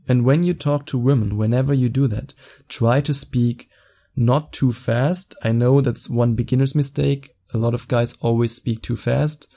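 A young man hosting a podcast, giving excited, fast-talking advice in a casual solo chat, quick to laugh. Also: mid-range voice, creaky. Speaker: podcast host.

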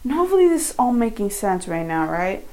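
A woman's voice: medium pitch, big pitch swings, fast, low-quality recording. A young woman telling a story in a casual vlog, chatty and rambling with lots of fillers. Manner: quieter at times while doing makeup. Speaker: vlogger.

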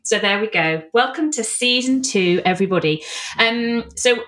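A woman hosts a podcast in a relaxed, chatty way. Her pitch swings freely as she talks, and she keeps a wry, playful tone. Her voice sits in a middle register for a woman. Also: normal speed. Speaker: podcast host. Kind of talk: casual podcast chat.

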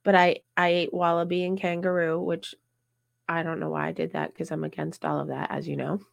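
A woman hosting a casual talk show, chatting and telling travel stories in an animated way. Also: low-pitched, a little fast, creaky, dry recording. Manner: chatty, animated storytelling with frequent laughs. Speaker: podcast host. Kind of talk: casual chat.

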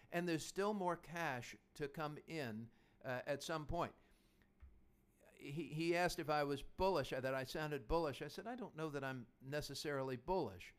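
Smooth-voiced man in his fifties hosting. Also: fairly high pitch. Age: 50s. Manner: chatty, anecdotal storyteller. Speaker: podcast host. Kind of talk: casual monologue on investing.

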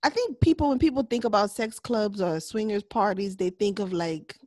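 Woman podcast co-host, candid, laughs easily, mid pitch, dry close mic. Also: moderate pace, no room sound. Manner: candid, laughs often, drops into a soft voice. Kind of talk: casual chat.

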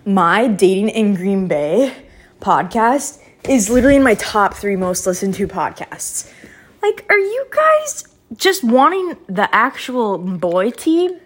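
A young woman hosts her own podcast, out of breath after climbing stairs. Her medium-pitched, slightly rough voice swings widely in pitch as she chats slowly and casually, rambling, apologizing, and using many fillers.

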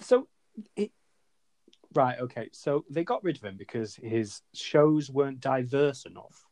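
A man's voice: medium pitch, sing-song, measured pace, a little mellow, no echo. A man co-hosting a podcast, joking and asking incredulous questions in casual banter. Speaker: podcast co-host. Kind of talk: casual chat.

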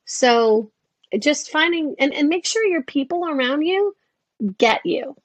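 Animated fifties woman, dry close sound. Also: high-pitched, unhurried, no echo. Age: 50s. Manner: animated, acts out quoted voices. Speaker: guest. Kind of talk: casual interview chat.

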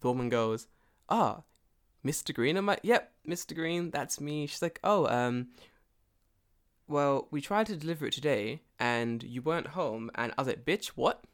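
A man's voice: on the high side, lively intonation, moderate pace. A man telling a story in casual chat, swearing often, laughing, and acting out both sides of a phone call. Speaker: storyteller in a conversation. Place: lives and works in Japan.

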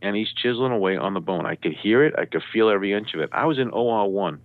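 A man telling a story as a radio show guest, lively and jokey, acting out the voices of the people in it. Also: fairly low pitch, fast, no room sound. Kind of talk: animated storytelling. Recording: dry tinny phone line.

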